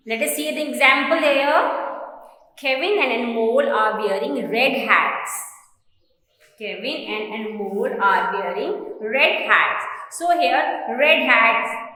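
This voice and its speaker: Slow Indian English woman teacher, echoey. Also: a little high, pushed and bright. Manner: slow, repeats sentences for students. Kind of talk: online grammar lesson. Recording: echoey room with long reverb.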